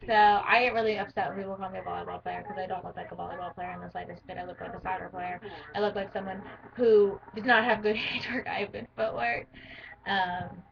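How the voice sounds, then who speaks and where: Teen girl vlogger, creaky fry in the voice, filler-heavy rambling, dull recording with crowd chatter behind. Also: medium pitch, steady tone, quick pace. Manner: rambling, lots of "um" and "like", restarts. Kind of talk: casual talk to camera about herself.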